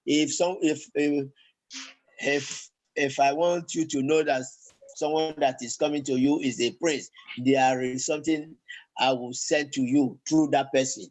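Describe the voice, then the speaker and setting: A man teaching a language lesson, talking slowly and haltingly, with many fillers and repeated words. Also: fairly high pitch, fairly even intonation, a little mellow, low-quality recording. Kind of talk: classroom lesson.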